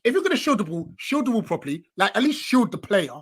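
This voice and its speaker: A man in his twenties vents hard about his club, emphatic and fed up. His voice sits a little high. He talks over a home video call. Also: very animated, fast. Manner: ranting, exasperated, emphatic. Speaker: guest fan pundit. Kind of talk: live football fan panel chat.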